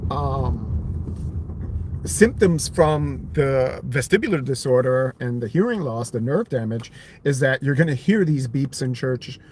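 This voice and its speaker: A man's voice: medium pitch, animated, unhurried, a little mellow, slight background noise. A man in his thirties talking casually on a live stream about his own story, rambling with lots of fillers and restarts. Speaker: vlogger sharing his hearing story.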